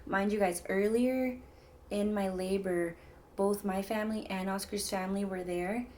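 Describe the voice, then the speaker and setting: Here a young vlogger shares a personal story in a casual, rambling way, sprinkling in "like" and "mind you guys." Her medium-pitched voice is a little mellow and fairly even, at normal speed, with slight background noise.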